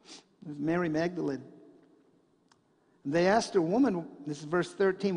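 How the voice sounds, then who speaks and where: A man preaching a sermon in a church, telling a story and swinging between loud passages and hushed ones. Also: fairly high pitch, unhurried, vocal fry, husky, long reverb tail. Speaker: pastor. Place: church sanctuary.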